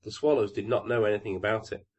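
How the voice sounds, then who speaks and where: A man narrating a classic fairy tale audiobook in a calm, even storytelling manner. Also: lowish voice, fast, lo-fi sound.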